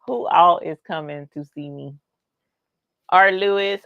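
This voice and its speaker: Bubbly woman hosting a craft livestream, animated and a little gravelly, recorded dry and close. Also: on the low side, a little slow, no echo, lo-fi sound. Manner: bubbly, squeals and cheers at viewers. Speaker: livestream host reading chat. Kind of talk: casual livestream chat.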